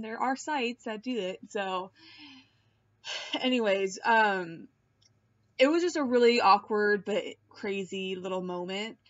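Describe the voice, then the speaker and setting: A woman in a casual, rambling chat to her viewers, filmed on a laptop mic at home, swearing and laughing often. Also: mid-range voice. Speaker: vlogger. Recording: dull lo-fi laptop audio.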